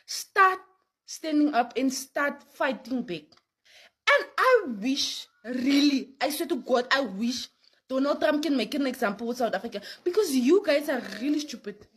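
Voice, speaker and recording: A woman's voice: high voice, lively intonation, a little slow, a bit bright, slightly rough. A woman angrily ranting to her viewers, repeating herself and hurling insults. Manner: furious, repetitive, insulting. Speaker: video poster. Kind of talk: angry rant to camera.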